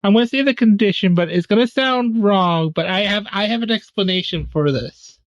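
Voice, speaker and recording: A man's voice: sits high, brisk, no room sound, highs cut off. A man playing a tabletop role-playing game, eagerly explaining his character's moves. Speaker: player.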